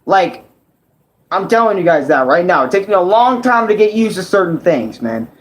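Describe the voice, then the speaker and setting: A young man ranting casually about a video game, rambling, excitable and swearing a lot. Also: high-pitched, moderate pace. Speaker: gaming vlogger. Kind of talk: casual game review rant. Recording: roomy echo.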